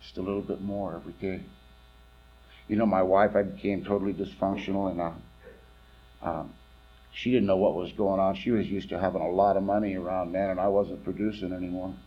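A man's voice: low voice, flat delivery, a little fast. Man from California, meeting speaker, rambling candid testimony, wry humor, muffled lo-fi sound.

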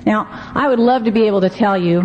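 A woman's voice: mid-range voice, fast. A middle-aged woman sharing her story at a recovery meeting, candid and self-deprecating, with many "you know"s. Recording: muffled, lo-fi recording with faint hiss.

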